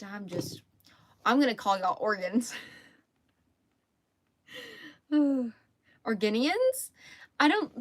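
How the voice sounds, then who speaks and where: A woman's voice: on the high side, a bit bright, dry recording. Chatty Southern woman streaming live. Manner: chatty, reads viewer comments aloud, laughs easily. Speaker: crochet livestreamer. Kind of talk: casual live chat.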